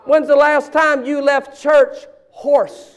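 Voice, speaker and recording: High-voiced fiery preacher in his 50s. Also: takes it slowly. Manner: animated, shouting bursts and joking asides. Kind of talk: sermon.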